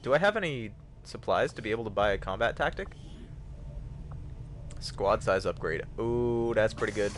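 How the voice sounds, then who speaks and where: A man's voice: fairly low pitch, expressive, moderate pace, pauses often, slight background noise. A man chatting casually with viewers while streaming a game, self-mocking and reading chat aloud. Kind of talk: casual live-stream commentary while gaming.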